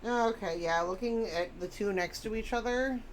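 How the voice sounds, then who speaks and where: A woman's voice: mid-range voice, normal speed, a little hiss or hum. A woman chatting casually on a live stream, rambling and reading chat messages aloud.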